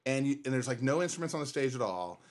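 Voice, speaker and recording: A man in a loose podcast chat with friends. His voice is mid-pitched, and he rambles through a story with a lot of swearing, acting out what everyone said. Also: sing-song, quick pace, a little hiss or hum. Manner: rambling storyteller, swears freely, acts out quotes. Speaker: podcast co-host. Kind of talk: casual chat.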